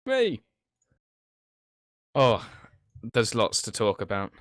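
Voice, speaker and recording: A man's voice: fairly low pitch, wildly swooping pitch, slow, fairly bright tone, dry recording. Guy cohosting a chatty podcast stream, voice bouncing all over, lots of ums and restarts, super dry close sound. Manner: hesitant, lots of fillers and restarts. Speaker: podcast co-host. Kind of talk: casual live-stream chat.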